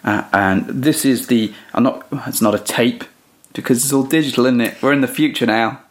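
A man's voice: medium pitch, normal speed. A man co-hosting a podcast, bantering and teasing in casual chat. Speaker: podcast co-host.

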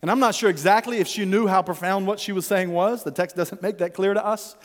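A male pastor preaching a conversational, animated sermon who acts out the voices in the story. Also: high-pitched, fairly quick, long reverb tail.

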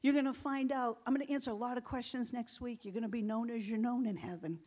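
High-voiced woman pastor preaching. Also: steady tone, fast talker, a little mellow. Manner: chatty storytelling, laughing often. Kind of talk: sermon.

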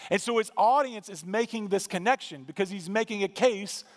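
A male pastor preaches in a conversational, emphatic way, with a few dry asides. His voice sits fairly high for a man. A long church-hall reverb trails every phrase. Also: normal speed. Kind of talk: sermon.

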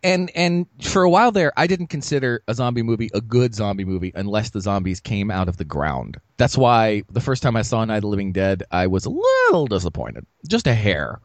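A man's voice: fairly low pitch, huge pitch swings, fairly quick, few pauses, no room sound. A man co-hosting a podcast, chatting casually and joking as he rambles through the topic. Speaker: podcast co-host.

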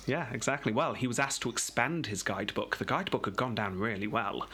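An English man hosting a podcast, telling a history story in a joking, rambling way with a husky voice. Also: mid-range voice, fairly quick, bright, forceful tone. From England. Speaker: podcast host. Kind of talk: casual history chat.

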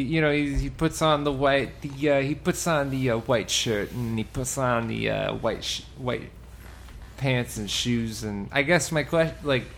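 A man's voice: medium pitch, a bit bright, slight background noise. A man voicing a brash, rambling Staten Island man with a New York accent in a comedic improv bit. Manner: rambling, stumbling over words.

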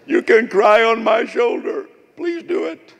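A man's voice: very high-pitched, lively intonation, a little slow, creaky, a bit bright, pitched above the performer's own voice, full character voice. A man mimicking a falsely sympathetic, gossiping friend in a sugary, mock-caring tone. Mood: mock-sweet. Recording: echoey hall.

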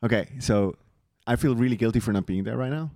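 A man's voice: mid-range voice, quick pace, warm tone, no echo, studio quality. Blunt swearing podcast man. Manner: blunt, swearing, laughs often. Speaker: podcast co-host. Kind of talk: casual chat.

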